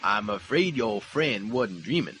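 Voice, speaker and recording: A man's voice: animated, measured pace, very noisy. A man playing a boastful, bossy male burglar in an amateur comedy skit, swaggering and theatrical. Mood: threatening. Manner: swaggering, theatrical swings in pitch.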